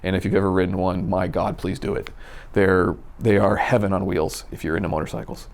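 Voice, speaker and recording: A man from Minnesota telling a personal story in a casual, animated way, acting out the dialogue. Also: deep voice, fairly quick, gravelly. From Minnesota, USA. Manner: animated, acts out quoted dialogue. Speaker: storyteller guest.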